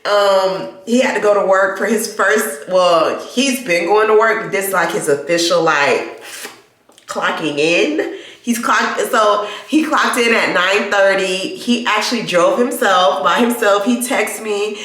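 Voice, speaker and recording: A middle-aged woman vlogger wheezing from asthma, telling stories in a chatty, laughing, animated way. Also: mid-range voice, measured pace, very echoey. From United States. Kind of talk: casual chat to camera. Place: inside a car.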